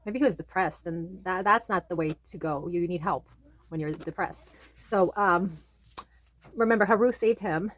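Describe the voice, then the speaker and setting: A woman's voice: fairly low pitch, moderate pace, a bit bright, slight background noise. A woman vlogger chatting casually about manga and retelling a story in a rambling way, full of fillers.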